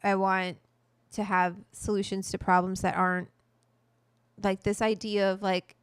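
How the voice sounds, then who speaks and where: Middle-aged woman host, smooth and dry up close; blunt, profane, fired-up livestream chat. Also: mid-range voice, little pitch movement, measured pace, no room sound. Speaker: cooking show host.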